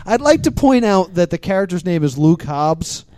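A podcast host running a live show, rushing through plugs with jokes and self-corrections. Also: mid-range voice, very animated, a little mellow, dry recording. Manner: hurried, scattered, jokey. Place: live comedy venue.

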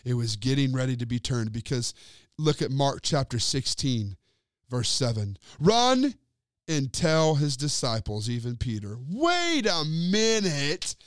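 A man preaching a sermon and retelling a scripture story, talking straight to his listeners and letting his sentences sink to low, quiet endings. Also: very animated, unhurried, dry recording, studio quality. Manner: addresses listeners directly as friends.

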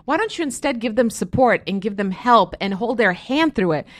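A woman's voice: fairly high pitch, lively intonation, moderate pace. A middle-aged woman, a guest author and speaker, talking candidly and earnestly in an interview, pressing her points with conviction.

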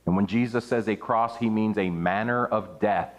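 A man's voice: lowish voice, moderate pace. Man preaching an earnest sermon. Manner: earnest preaching, rising and falling for emphasis.

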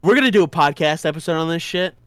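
A man's voice: fairly high pitch, animated, fast, fairly bright tone, clear, resonant tone, dry recording, studio quality. A man co-hosting a podcast, bantering and laughing with profane, joking stories into a podcast mic. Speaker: podcast co-host. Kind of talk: casual podcast chat. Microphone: podcast microphone.

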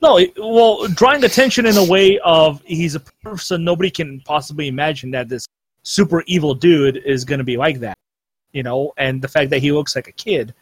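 A man's voice: a little high, moderate pace, slightly rough, dry recording. A man chatting casually on a podcast, rambling with lots of fillers and restarts. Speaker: podcast co-host. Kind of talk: casual chat.

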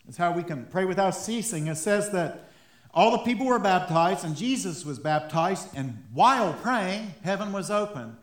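A man with a high voice preaches a sermon in a conversational way, often chuckling between points. The sound of the church room rings around him. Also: animated, normal speed, echoey room. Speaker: pastor.

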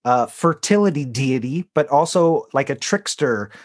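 A man's voice: mid-range voice, expressive, unhurried. A man co-hosting a podcast, chatting casually and rambling, with lots of fillers as he searches for words. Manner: rambling, many fillers and restarts. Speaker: podcast co-host. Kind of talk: casual chat.

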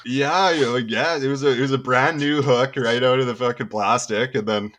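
A man's voice: medium pitch, steady tone, a little fast, fairly bright tone, a little hiss or hum. A young man telling a rambling, profane story among friends, with casual chat and frequent laughter.

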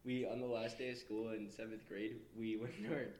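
A young man casually telling school stories, laid-back and quick to laugh, with frequent swearing. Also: on the low side, level tone, darkish tone, echoey room, a little hiss or hum, rough recording. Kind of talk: casual storytelling chat.

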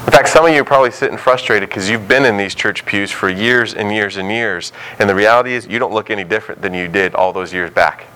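A man's voice: on the low side, quick pace, hardly any pauses, bright, forceful tone, a little hiss or hum, low-quality recording. A man preaching a sermon in a conversational way, now and then acting out the voices of biblical figures. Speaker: pastor.

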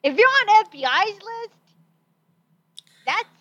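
A woman co-hosting a casual podcast chat, quick and emphatic with a sarcastic edge. Her voice is high and bright. The sound is dry but dull and lo-fi, as if it comes over an online call. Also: sing-song, dry recording. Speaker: podcast co-host.

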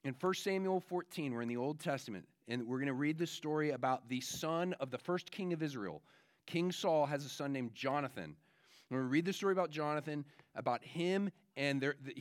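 Man, pastor, children's sermon, animated storyteller, chatty fillers, higher voice, dry sound. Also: no room sound.

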